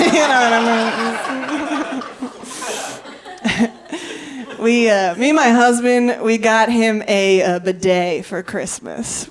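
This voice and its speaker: A woman's voice: a little high, animated, slow pace, pauses often, crowd noise. Woman comic in her 30s from virginia, playful, giggles at her own jokes, voice swoops all over. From Virginia, USA. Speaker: stand-up comedian. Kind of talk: stand-up set. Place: comedy stage.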